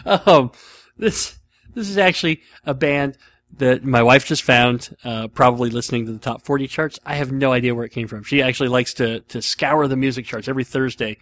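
A man's voice: mid-range voice, normal speed, fairly bright tone, no room sound. A man hosting a casual radio-style show, talking in a rambling, self-deprecating way with frequent restarts. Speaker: host.

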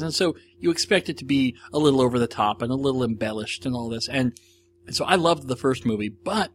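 An American man talks alone into his podcast mic, chatty and enthusiastic as he reviews films. He rambles along with plenty of restarts, at an ordinary pitch for a man, while a faint hum sits behind him. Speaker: podcast host reviewing movies. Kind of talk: casual solo monologue. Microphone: audio-only recording, no video.

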